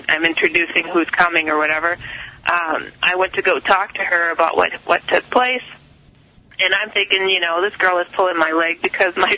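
High, gravelly man telling a story. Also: sharp tone, low-quality recording. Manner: rambling with many fillers. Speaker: guest. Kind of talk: casual storytelling.

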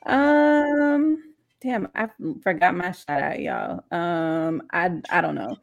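Mother and co-host with a gravelly voice, hesitant, lots of ums. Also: on the low side, takes it slowly, muffled recording. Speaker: podcast co-host. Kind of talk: casual chat.

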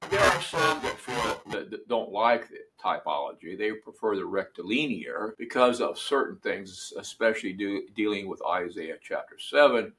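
A man preaching a sermon, reading scripture aloud in a deliberate way and lifting his voice for emphasis. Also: lowish voice, sing-song, a bit bright, faint music behind.

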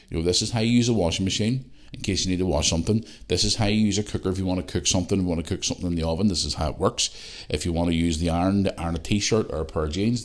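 A man's voice: low-pitched, darkish tone. A middle-aged man, hosting a podcast, ranting bluntly and swearing freely in a casual monologue. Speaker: podcast host.

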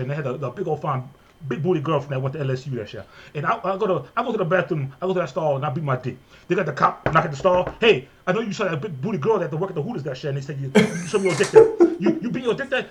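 Crude loud Louisiana ranter, raised pitch, put on by a man. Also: slight background noise, close to an everyday voice. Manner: rowdy, crude, repetitive.

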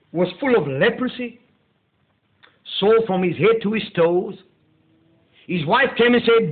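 A male pastor delivering a meditative sermon, slow and deliberate, leaning hard on key words. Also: high voice. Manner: slow, deliberate preaching with drawn-out emphasis. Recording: tinny phone-like audio.

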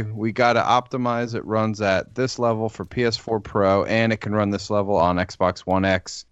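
A man co-hosting a casual podcast, talking things through in a measured way with hesitant restarts. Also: on the low side, clear, resonant tone, no echo, highs cut off. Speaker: podcast co-host. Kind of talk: casual chat.

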